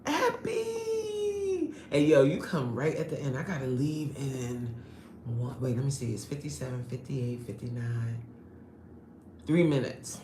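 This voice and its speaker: A woman's voice: a bass voice, expressive, a little slow, echoey room, noisy background. A woman hosting a casual live stream, chatting animatedly with her viewers, laughing often and greeting them by name. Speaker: live-stream host reading chat.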